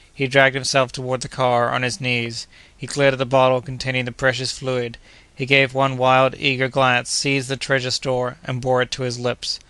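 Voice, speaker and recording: A man reading a classic adventure novel aloud in a steady, measured narration. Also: medium pitch, clear, resonant tone, no echo. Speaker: audiobook narrator. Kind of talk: scripted narration.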